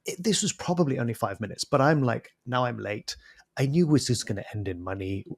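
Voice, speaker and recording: A man co-hosting a podcast, telling a story in a casual, animated, self-deprecating way. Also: mid-range voice, brisk, gravelly, no echo. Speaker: podcast co-host.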